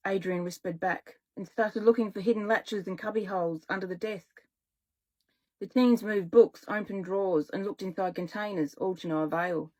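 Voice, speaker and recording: A woman children's author reading her own story aloud, relaxed and unhurried. She stops to fix small slips and carries on in her ordinary middle voice. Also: medium pitch, low-quality recording. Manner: relaxed, self-correcting.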